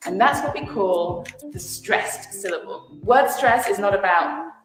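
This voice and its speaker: Lively woman teaching, echoey with music. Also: medium pitch, a little slow. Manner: lively, swoops up on stressed words. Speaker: pronunciation teacher in a video. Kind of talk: scripted teaching narration. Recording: echoey room with music behind.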